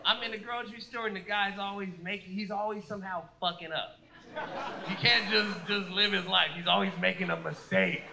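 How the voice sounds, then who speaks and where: A man in his thirties doing a profane, animated stand-up set, acting out voices of people he describes. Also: high-pitched, fairly quick, creaky. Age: 30s. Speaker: stand-up comedian. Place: comedy stage before a live audience. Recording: roomy live venue with audience noise.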